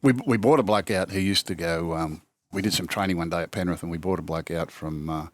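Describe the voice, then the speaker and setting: With a quick pace and a low-pitched voice, an older Australian who used to coach rugby league swaps yarns in easygoing chat. He acts out what people said and keeps restarting, and the audio carries no room sound.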